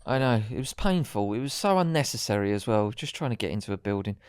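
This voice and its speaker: A man's voice: lowish voice, animated, quick pace, smooth, dry recording, clean studio sound. A man co-hosting a podcast in chatty, rambling banter, swearing freely. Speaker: podcast co-host. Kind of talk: casual chat.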